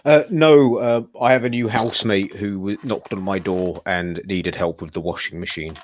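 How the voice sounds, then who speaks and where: A man's voice: fairly low pitch, normal speed, a little hiss or hum. A man co-hosting a football watchalong, telling rambling stories with stammers and restarts. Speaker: co-host of fan watchalong. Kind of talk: casual chat.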